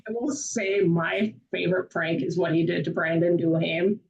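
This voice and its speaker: A woman's voice: on the low side, fairly even intonation, moderate pace, vocal fry, darkish tone. A woman guest on a podcast telling stories casually, chatty with lots of filler phrases. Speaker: podcast guest, hockey fan. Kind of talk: casual storytelling. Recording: distant, echoey, dull remote audio.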